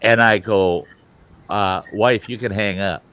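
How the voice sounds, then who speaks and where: A man hosting an online hangout, telling a story casually, cursing freely and getting loud and heated. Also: fairly low pitch, takes it slowly, smooth. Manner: animated, profane, grows loud and heated. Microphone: online call.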